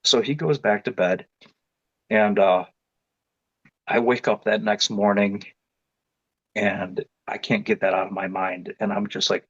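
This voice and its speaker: A man with a fairly low voice tells his story casually, circling back with restarts and fillers as he goes. The recording sounds dull and lo-fi, with a dry, close sound and no room echo. He speaks at length as an interview guest. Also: unhurried, long pauses, breathy edge. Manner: rambling, with many restarts and fillers; grows more animated and louder as the story builds.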